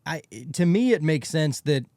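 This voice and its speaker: A man's voice: on the high side, animated, normal speed, darkish tone, dry recording, studio quality. A man hosting a podcast, thinking aloud as he asks rambling questions. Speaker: podcast host. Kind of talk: casual chat.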